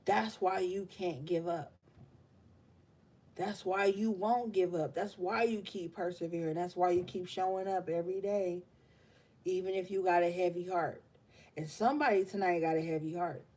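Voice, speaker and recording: A woman's voice: fairly low pitch, steady tone, normal speed, darkish tone. A woman hosting a live tarot reading stream, speaking with passion and emotion and swearing bluntly as she encourages her viewers.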